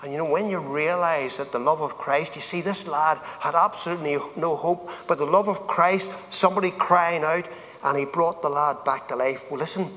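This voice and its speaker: A man's voice: a little high, fairly even intonation, normal speed, pushed and bright. A man with a Northern Irish accent giving an earnest, plain-spoken testimony at a men's event, building to fervent appeals. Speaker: speaker giving a personal testimony. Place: event hall. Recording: long hall reverb.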